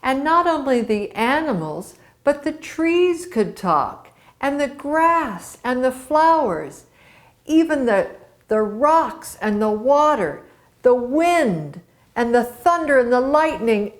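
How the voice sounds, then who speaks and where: Slow, expressive woman storyteller. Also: on the high side. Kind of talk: storytelling to children.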